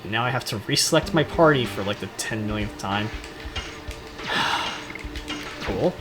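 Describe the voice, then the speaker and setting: A man giving joking, casual commentary while playing through a game, moving between quiet asides and louder bursts. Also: on the low side, unhurried. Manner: joking, mocking, shifts between quiet asides and excited outbursts. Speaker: let's play host. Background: game music.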